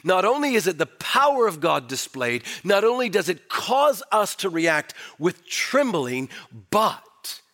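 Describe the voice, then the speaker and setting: A male pastor preaching a sermon, swinging from emphatic declarations to hushed, low asides. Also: very animated, a little slow, hardly any pauses.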